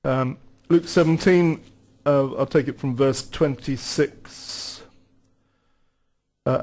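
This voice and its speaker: A man in a studio conversation, explaining scripture in an earnest, patient way. He reads long passages aloud, then unpacks them with small restarts and self-corrections. His voice sits at an ordinary middle pitch. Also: fairly even intonation, takes it slowly, long pauses, a little mellow. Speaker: guest Bible teacher.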